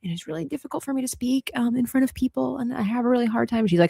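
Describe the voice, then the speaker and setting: A woman's voice: on the high side, racing, creaky, few pauses, breathy edge, no echo, clean studio sound. A woman hosting an art livestream, chatting casually while she draws, telling stories with lots of laughter. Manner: animated storyteller who laughs often.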